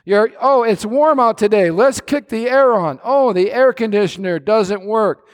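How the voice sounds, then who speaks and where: High-voiced, animated male pastor preaching. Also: a little slow. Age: middle-aged. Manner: animated, swings between shouts and hushed asides. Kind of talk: sermon.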